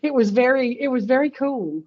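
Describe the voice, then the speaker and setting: A woman co-hosting a casual webinar, friendly and quick to laugh, speaking through a headset on a video call. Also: sits high, lively intonation. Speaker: co-host. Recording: dull, lo-fi video-call audio.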